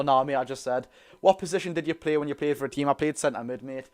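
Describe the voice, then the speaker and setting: A man's voice: mid-range voice, quick pace, a little mellow. A man with a Geordie accent hosting a casual live stream, reading out viewer questions and answering them chattily, often calling listeners "mate". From North East England. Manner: calls listeners "mate" and "lads". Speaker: livestream host. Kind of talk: casual live watch-along chat.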